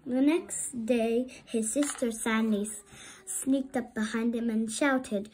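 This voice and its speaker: A woman reading a children's storybook aloud, halting now and then with stumbles and restarts. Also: fairly high pitch, steady tone. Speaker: storybook reader.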